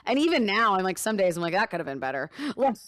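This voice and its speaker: A woman in her thirties, a radio host and guest, telling lively stories and acting out the voices of the people in them. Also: medium pitch, fast talker, no echo, clean studio sound. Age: 30s. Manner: animated storyteller, acts out voices in quotes, laughs often. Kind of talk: casual interview chat, storytelling.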